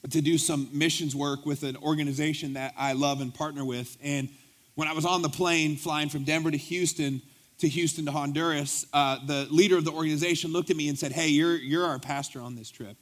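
A male pastor with a fairly high voice delivers a sermon. He tells a story animatedly, acting out the dialogue.

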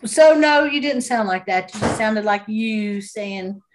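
A woman's voice: mid-range voice, animated, a little slow, background noise. A woman, co-hosting a casual chat in a chatty, self-deprecating way. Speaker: co-host.

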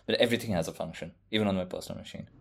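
A man co-hosting a podcast, brisk and dropping short interjections. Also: deep voice, creaky, darkish tone. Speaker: podcast co-host. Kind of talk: casual tech chat.

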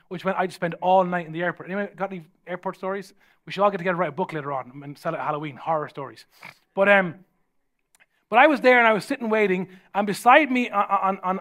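High-voiced Irish pastor. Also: male voice, a bit bright. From Ireland. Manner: storytelling, humorous, conversational. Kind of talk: sermon.

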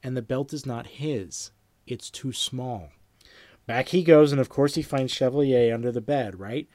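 Male lecturer, lively anecdote reader, middle pitch, dry room. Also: a little slow, dry recording. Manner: animated storyteller, acts out sound effects, repeats himself. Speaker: screenwriting teacher. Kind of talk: lecture reading anecdotes aloud.

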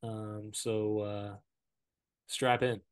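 A man's voice: lowish voice, flat delivery, drawn-out words, smooth. A man hosting a podcast, recapping a movie plot in a casual, joking, rambling way full of filler words. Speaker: podcast host. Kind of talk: casual movie-review chat.

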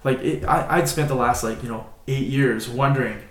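A man's voice: medium pitch, moderate pace. Rambling man telling a story in an echoey room. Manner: animated, rambling, many "like" fillers. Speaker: podcast co-host. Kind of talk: casual storytelling. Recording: roomy echo.

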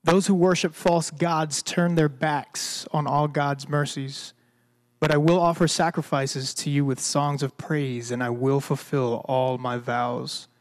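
A man's voice: a little high, flat delivery, unhurried. Man reading scripture from a distance.

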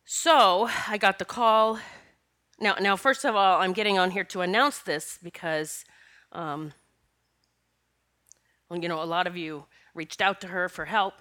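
A middle-aged woman talks through tears on her own podcast, sniffling as she goes. Her voice sits low yet comes out bright and forceful. She rambles emotionally and laughs between the tears. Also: measured pace, long pauses. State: tearful, sniffling. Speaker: podcast host. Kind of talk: casual spiritual podcast monologue.

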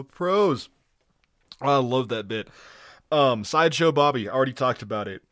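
A man's voice: mid-range voice, animated, a little slow, a bit bright, no room sound, clean studio sound. A man co-hosting a casual podcast chat, talking fondly with laughs and swearing. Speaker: podcast co-host.

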